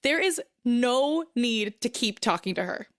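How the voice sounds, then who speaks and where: A woman's voice: on the high side, a little slow. A woman co-hosting a podcast, chatting casually about a film and acting out characters' lines. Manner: animated, slips into quoting characters. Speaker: podcast co-host.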